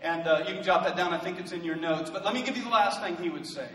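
A male pastor preaching a sermon in a church, swelling into loud emphatic bursts and joking asides. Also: sits high, quick pace. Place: church sanctuary. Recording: echoey hall from a distant mic.

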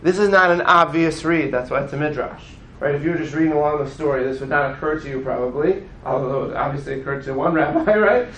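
A man leads a text class as a rabbi, speaking casually and with animation, often asking "right?" His voice sits a little high. The room is echoey, with a faint hiss behind him. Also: fast talker, few pauses. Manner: animated, acts out voices of the story, frequent "right?".

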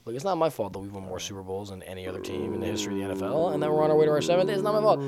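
A man's voice: on the low side, sing-song, over a noisy crowd. A man hosting a casual podcast, telling rambling stories with lots of restarts. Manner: fast, rambling storyteller with restarts. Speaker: podcast host.

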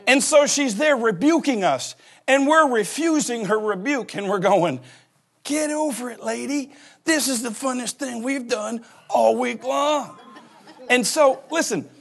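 A man's voice: extremely high pitch, expressive, a little slow, gravelly. A man in his forties, a pastor giving a humorous sermon and acting out little scenes as he laughs. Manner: joking storyteller who acts out voices and laughs.

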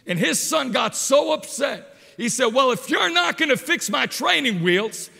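A man preaching a sermon as an evangelist, telling stories with animated delivery and shouting at the high points. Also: measured pace, creaky, long reverb tail. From Portuguese parents.

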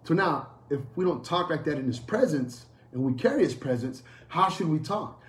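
A man's voice: on the high side, expressive, normal speed. Emphatic man preaching in an echoey room. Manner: emphatic, repetitive, shifts from loud preaching to quiet storytelling. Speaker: pastor. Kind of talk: sermon.

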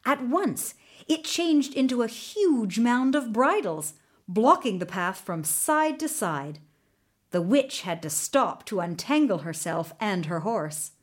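A woman narrating a children's storybook in an expressive, animated way. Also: a little high, slow pace. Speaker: audiobook narrator.

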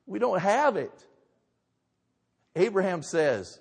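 A man's voice: high voice, lively intonation, a little slow. A man pastor preaching a sermon, telling the story dramatically with emphatic rhetorical questions. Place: church sanctuary. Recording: reverberant church hall.

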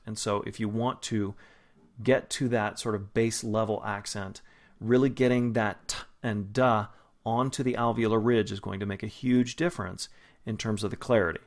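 A man coaching pronunciation in a spoken phonetics lesson, patient and explanatory, slowing down to model each sound. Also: lowish voice, steady tone. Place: Los Angeles area.

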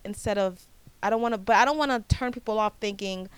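A woman in her twenties from the United States, hosting her own podcast in a casual, animated chat with frequent restarts. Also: mid-range voice, fairly quick, clear, resonant tone, no echo. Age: 20s. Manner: chatty, animated, repeats herself and restarts often. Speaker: podcast host.

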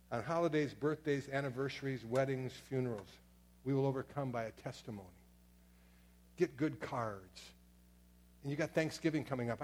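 A man's voice: mid-range voice, darkish tone. Conversational middle-aged male pastor preaching. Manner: conversational preaching with frequent asides and repetitions. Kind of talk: sermon. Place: church sanctuary.

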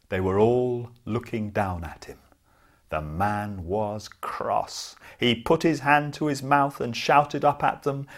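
Slow dramatic male storyteller. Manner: slow, dramatic, with big swings of pitch and volume. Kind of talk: storytelling for children.

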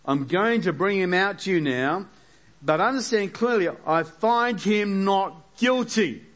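A man's voice: high voice, expressive, a little slow, a bit bright, voice pushed up. A man voicing an anxious, exasperated Roman governor who fires off raised, pressing questions. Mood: insistent.

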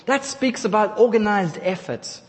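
A man preaching a sermon to his congregation, leading call-and-response and building to loud exhortation. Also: high voice, normal speed. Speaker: pastor. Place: church hall. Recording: long hall reverb.

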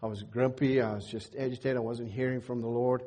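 A middle-aged pastor preaches in a church with a husky, mellow voice. He tells a story in his sermon and acts out the dialogue in an animated way, raising his voice for the other people in it. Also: medium pitch, fairly quick.

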